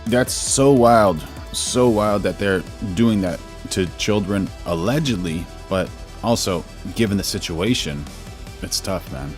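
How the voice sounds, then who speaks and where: A man's voice: lowish voice, a little slow, soft background music. A man hosting a live reaction stream, talking loosely and thinking aloud with fillers and restarts. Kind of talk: casual live reaction commentary.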